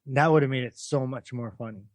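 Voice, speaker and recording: A man's voice: mid-range voice, fast talker, no room sound, clean studio sound. A man co-hosting a podcast, joking around playfully. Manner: playful, mock-bossy joking. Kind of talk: casual chat.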